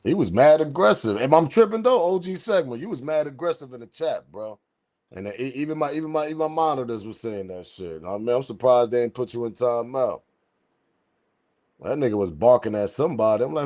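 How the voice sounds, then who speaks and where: A man hosts a loose livestream, riffing on the chat in casual slangy talk. His mid-pitched voice leaps sharply upward whenever he acts out his own reactions, and he laughs often between remarks. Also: a little fast. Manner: animated, laughing, slangy street talk, pitch jumps high when quoting himself. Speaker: livestream host reading chat.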